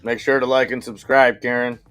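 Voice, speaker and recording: A man's voice: medium pitch, level tone, a little fast, a bit bright, clean tone, faint music behind. A man co-hosting a live stock market stream, chatting casually, reading viewer comments and often restarting his sentences. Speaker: stock market livestream co-host.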